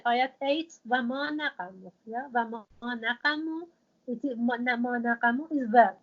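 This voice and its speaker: A woman's voice: on the high side, highs cut off. Woman, teaching a class. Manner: explains patiently with many fillers and restarts. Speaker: Quran teacher.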